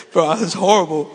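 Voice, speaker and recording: A man's voice: sits high, slight background noise. A middle-aged male pastor preaching a sermon, telling a personal story with jokes to his congregation. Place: church hall. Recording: reverberant hall.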